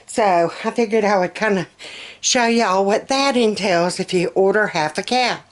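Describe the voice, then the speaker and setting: A middle-aged woman from Alabama with a Southern accent chats casually on her home vlog in a medium-pitched voice at a moderate pace. Slightly out of breath, she rambles and uses many fillers.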